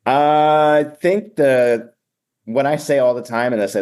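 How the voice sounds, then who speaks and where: A man's voice: medium pitch, fairly even intonation, measured pace, a little mellow, clean tone. A man with a Boston accent, an event emcee speaking energetically and sometimes bluntly in a casual podcast interview.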